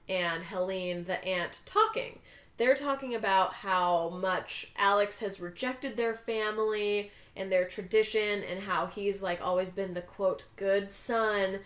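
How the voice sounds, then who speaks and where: A woman's voice: medium pitch, fairly bright tone, roomy sound. A woman on a podcast, animatedly retelling a movie scene and acting out characters' lines. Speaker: podcast co-host. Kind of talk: casual movie recap chat.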